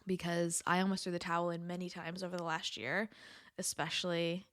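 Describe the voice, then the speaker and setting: A woman's voice: fairly low pitch, flat delivery, a little fast, fairly bright tone, no room sound. A young adult woman hosting a solo podcast in a chatty, earnest way, laughing often and repeating words for emphasis. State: has the hiccups. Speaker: podcast host. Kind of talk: casual solo podcast talk.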